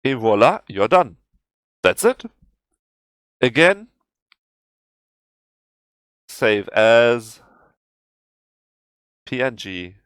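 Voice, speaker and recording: A man with a German accent, a native German speaker, talking through a software tutorial in halting English that often restarts. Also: medium pitch, big pitch swings, clear, resonant tone, no room sound, clean studio sound. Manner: halting, self-correcting non-native English. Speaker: tutorial host. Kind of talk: screen-recorded software tutorial.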